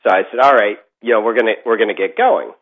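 A man's voice: lowish voice, fast, phone-quality sound. A middle-aged man telling a ghost story in casual chat, rambling with lots of fillers and restarts.

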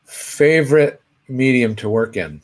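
Guy cohosting a chill q&a, tells stories all animated, voice jumps up when he gets excited. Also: measured pace. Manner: animated storyteller, pitch leaping when excited. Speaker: host. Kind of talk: casual anecdote telling.

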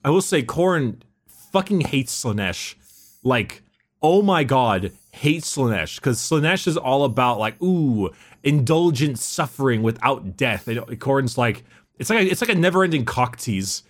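A man's voice: medium pitch, animated, a little slow. A man in casual chat about game lore, rambling and swearing, reading bits from a wiki. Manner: rambling, profane, reads from a wiki.

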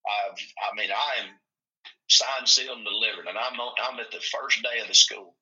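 A football coach from Tennessee, telling rambling, folksy stories in casual chat. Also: male voice, on the low side, steady tone, normal speed, bright, forceful tone. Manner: folksy, rambling, acts out quoted voices. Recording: muffled lo-fi recording.

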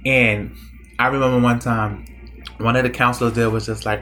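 A man's voice: medium pitch, little pitch movement, moderate pace, sharp tone. A young man casually telling a story about his own past in a rambling, conversational way, full of fillers and restarts.

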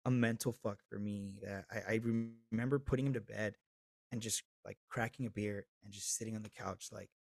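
A man in his thirties, a podcast guest telling a candid personal story with swearing, swinging between loud and hushed. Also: fairly low pitch, fairly even intonation, brisk, vocal fry, no echo.

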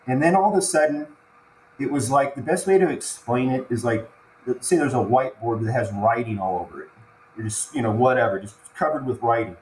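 A podcast guest, a man, tells an emotional story about nearly dying, speaking haltingly and repeating words or starting over when he's moved. His voice is mid-range. The recording is an echoey room with faint ambience and a little hiss or hum.

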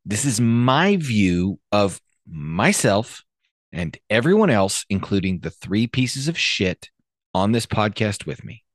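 A man's voice: on the low side, big pitch swings, slow pace, no room sound, studio quality. A man co-hosting a podcast, giving blunt, profane opinions in casual chat. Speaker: podcast co-host.

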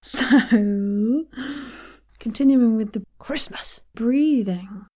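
A woman hosting a podcast, leading playful vocal warm-ups in an encouraging, often whispered voice. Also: mid-range voice. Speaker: podcast host and voice coach. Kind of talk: casual chat with vocal warm-up exercises.

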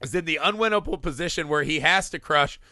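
A man's voice: a little high, fast, sharp tone, dry recording, studio quality. A man co-hosting a casual film discussion, irreverent and profane, laughing often. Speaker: podcast co-host.

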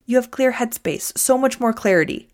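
A woman's voice: a little high, lively intonation, normal speed, darkish tone. A woman giving frank relationship advice, speaking straight to the viewer in a coaching manner. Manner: frank, coaching, addresses listener as "you". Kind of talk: direct-to-viewer advice talk.

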